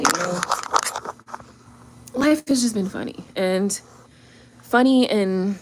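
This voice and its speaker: Animated laughing woman chatting casually. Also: medium pitch, gravelly, slight background noise. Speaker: tarot channel host. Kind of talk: casual chat to viewers.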